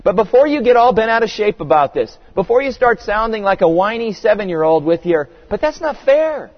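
A man preaching a sermon in earnest, emphatic tones, his voice sitting a little higher than most men's. The sound is dull and muffled, and a long hall reverb trails after his words in a church sanctuary. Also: animated, brisk. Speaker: pastor.

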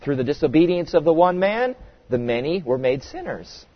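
A man's voice: on the high side, big pitch swings, normal speed. Man preaching in a reverberant hall. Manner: earnest, emphatic preaching with rhetorical questions. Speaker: pastor. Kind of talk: sermon. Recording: dull audio with long hall reverb.

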